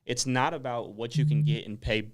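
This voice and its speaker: A man with a mid-range voice speaks at a normal pace as an interviewee on a radio talk show. He's laid-back and explanatory, dropping "like" into his sentences again and again.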